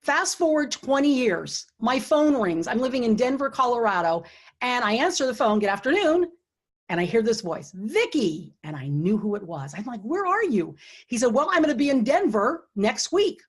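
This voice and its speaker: A middle-aged woman with a slightly husky voice hosts a launch party over a computer mic. She speaks earnestly and encouragingly, offering leadership advice and telling stories from her own career. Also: a little high, very animated, moderate pace. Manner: earnest and encouraging, drops to a hushed tone when retelling quiet moments. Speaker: author and host of a book launch. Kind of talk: online event talk with storytelling. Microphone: computer or webcam mic for an online event.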